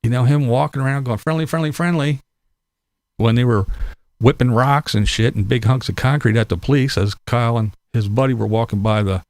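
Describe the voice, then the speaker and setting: A man's voice: medium pitch, brisk, a little mellow, dry recording, clean studio sound. A middle-aged man from Pennsylvania giving a blunt, profane opinion monologue, laughing between his points. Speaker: vlogger.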